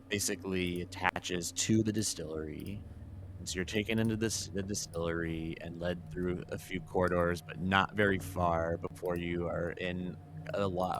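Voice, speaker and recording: A man with a very deep voice narrates a tabletop game as its game master. He talks in a relaxed, halting way, full of fillers. A clear hiss runs under the home recording.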